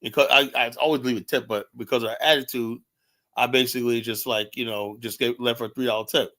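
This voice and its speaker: With a medium-pitched voice and a fast delivery, this podcast host rants through casual commentary on his online talk show. His storytelling is animated, and he performs the lines he quotes.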